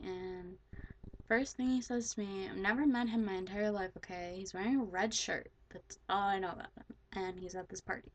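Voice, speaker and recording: A teenage girl casually telling a story to the camera, rambling with lots of "like" and swearing freely. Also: mid-range voice. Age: teens. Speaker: vlogger.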